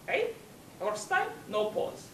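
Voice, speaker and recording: A woman leading speaking exercises at a public speaking club, talking slowly and emphatically with swooping pitch. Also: big pitch swings. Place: meeting hall. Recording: echoey hall from far off, faint hiss.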